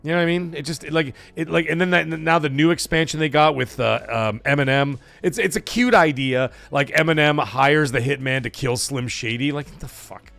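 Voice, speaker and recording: A man's voice: fairly high pitch, fairly quick, creaky, few pauses, fairly bright tone, soft background music. A man hosting a casual live stream, rambling, swearing and saying "like" a lot. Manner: rambling, swears, heavy use of "like". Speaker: livestream host.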